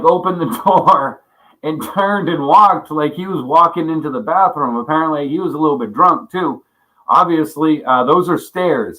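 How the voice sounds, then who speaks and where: A man's voice: on the high side, bright, forceful tone, poor audio. A man hosting a casual livestream chat, rambling and swearing a lot, often laughing as he greets viewers by name. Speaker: livestream host.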